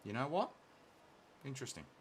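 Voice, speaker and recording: A man's voice: mid-range voice, huge pitch swings, brisk, a little hiss or hum. A man hosting a live painting stream, joking and teasing in casual chat. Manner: playful, teasing, self-mocking. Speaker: stream host painting miniatures. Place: hobby shop office.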